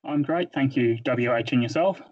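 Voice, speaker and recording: A man's voice: mid-range voice, moderate pace, dry recording. A man from Australia with an Australian accent, chatting easily as a podcast guest. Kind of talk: casual podcast chat. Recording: dry, dull lo-fi call audio.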